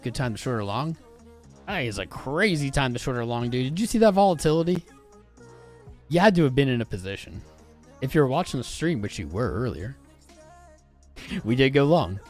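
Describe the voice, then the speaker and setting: Animated male crypto streamer, casual. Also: mid-range voice, brisk, long pauses, faint music behind. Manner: animated, swearing, informal and excitable. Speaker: crypto livestream host. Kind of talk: casual livestream chat reading viewer comments.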